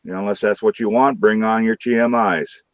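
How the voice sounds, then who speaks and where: Low-voiced rowdy man chatting live. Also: steady tone, a little fast, dry recording, dull audio. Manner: rowdy, crude joking banter with chat. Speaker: livestream host. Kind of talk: casual live-stream chat.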